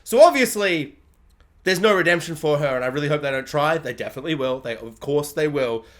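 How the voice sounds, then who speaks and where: A man giving a casual, joking spoken review of a TV series, animated and full of quick impressions. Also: fairly high pitch. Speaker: video reviewer.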